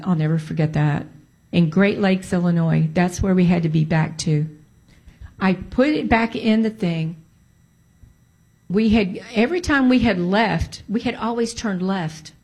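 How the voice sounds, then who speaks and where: A woman's voice: mid-range voice, a little mellow. Emphatic woman telling a story. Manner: emphatic, repeats phrases for emphasis. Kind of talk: casual storytelling.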